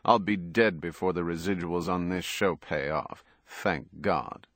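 A man playing a smooth, crisp TV star. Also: deep voice, a little slow, a bit bright, no echo, clean studio sound. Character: smooth, self-assured male TV entertainer.

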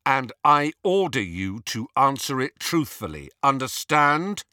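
A fierce teenage boy wizard, put on by a man narrating a storybook. He gives orders with urgency and sounds bright and lively. The voice is dry and close. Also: medium pitch, a little slow, dry recording. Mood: commanding. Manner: urgent, commanding. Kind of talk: audiobook character voice.

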